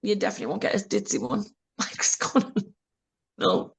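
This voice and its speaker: A woman's voice: lively intonation, brisk, creaky, slight background noise, poor audio. Blunt, laughing woman. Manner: blunt, laughing, mimics voices with big pitch jumps. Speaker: interview guest, adult film actress. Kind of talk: candid casual interview.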